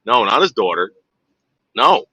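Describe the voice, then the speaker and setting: Guy on a stream rambling thru a story, swearing a lot, bright sharp voice, dry close mic. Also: lowish voice, very animated, measured pace, husky, dry recording, low-quality recording. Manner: rambling, profane, acts out voices in retelling. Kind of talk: casual storytelling to viewers.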